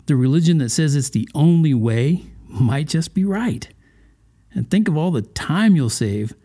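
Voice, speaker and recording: A man's voice: on the high side, dark tone. A man hosting a religious podcast, talking to the listener in a folksy, conversational way and often asking questions. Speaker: podcast host. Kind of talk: casual religious podcast monologue.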